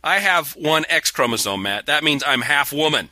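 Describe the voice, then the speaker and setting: A man's voice: fairly high pitch, expressive, moderate pace, pushed and bright, dry recording. A man co-hosting a podcast, chatting casually with a sarcastic, mock-indignant edge and reading out listener mail. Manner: reads listener mail aloud. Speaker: podcast co-host. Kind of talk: casual comedic chat.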